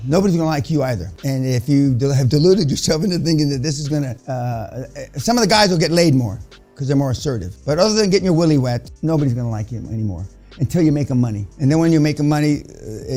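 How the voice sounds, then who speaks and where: A man's voice: fairly high pitch, gravelly, darkish tone. An older man giving a blunt, profane motivational lecture to a seminar audience, rambling with many restarts. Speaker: seminar speaker.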